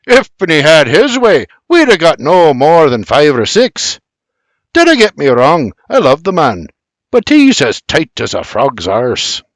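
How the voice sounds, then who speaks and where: A man's voice: fairly high pitch, huge pitch swings, unhurried, no room sound, pitched above the performer's own voice. A man voicing a crafty, boastful bootlegger who speaks in a broad Scottish-style brogue, in an audiobook. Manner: sly, boastful, broad brogue with dialect words.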